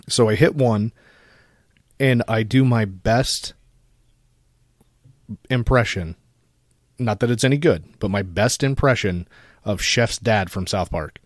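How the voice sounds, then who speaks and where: A man's voice: fairly low pitch, unhurried, long pauses, no room sound, studio quality. A young adult man co-hosting a podcast, telling a story in a laid-back, casual chatty way with the odd swear word. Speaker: podcast co-host. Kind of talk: casual chat.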